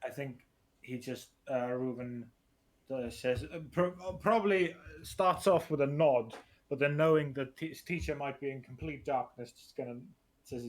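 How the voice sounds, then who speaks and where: A man with an ordinary mid-range voice plays a tabletop role-playing game. He pauses often and thinks aloud while he plans his character's actions. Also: mid-range voice. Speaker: player.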